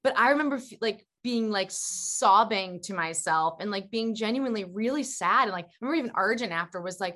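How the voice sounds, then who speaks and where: A woman guest chatting in an interview, lively and gushing as she tells stories. She restarts her sentences often and lets her excitement run ahead of her words. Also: medium pitch, a little fast, few pauses. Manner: animated, gushing storyteller with many restarts. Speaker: actress guest. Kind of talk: casual interview chat.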